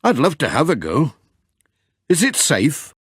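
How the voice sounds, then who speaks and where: A man's voice: a little high, huge pitch swings, unhurried, fairly bright tone, breathy edge, no room sound, clean studio sound, pitched above the performer's own voice, heavily acted. A man reading aloud and voicing a cheerful, friendly village postman.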